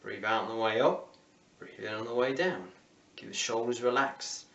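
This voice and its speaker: A man's voice: mid-range voice, normal speed, vocal fry, a bit bright, roomy sound, recorded from a distance, muffled recording. A man with an English accent leading a home workout class, encouraging and counting down reps. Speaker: fitness instructor.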